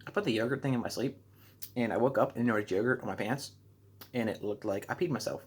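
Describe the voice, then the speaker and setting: A teenage American boy chats to the camera about his trip. His voice sits at an ordinary middle pitch. He rambles through the story, piles on fillers and laughs at his own mistakes. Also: quick pace, breathy edge. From United States. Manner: rambling, self-deprecating, heavy use of "like"; acts out his own reactions in a higher voice. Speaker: vlogger. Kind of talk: casual storytelling vlog.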